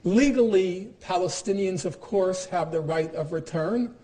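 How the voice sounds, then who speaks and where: A man's voice: sits high, a little slow, mellow, rough recording. A man in his sixties giving a public lecture, emphatic and dryly sarcastic, with frequent fillers and restarts. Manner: emphatic, quotes opponents with sarcasm.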